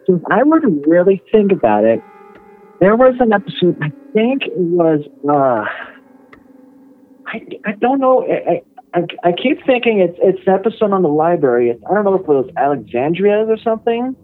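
A man's voice: high-pitched, very animated, moderate pace. A man calling in to a podcast, stumbling and repeating words as he speaks. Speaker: caller. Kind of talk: casual call-in chat. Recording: tinny phone line.

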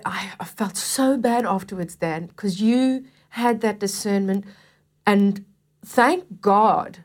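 A woman telling a personal faith testimony in a casual conversation, animated and self-deprecating, laughing often. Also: medium pitch. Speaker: Christian talk-show participant.

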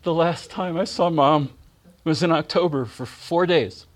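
Middle-aged guy telling stories about his mom, gentle and heartfelt, slightly high voice, lots of soft pauses. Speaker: speaker giving a spiritual reflection. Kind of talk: personal remembrance talk.

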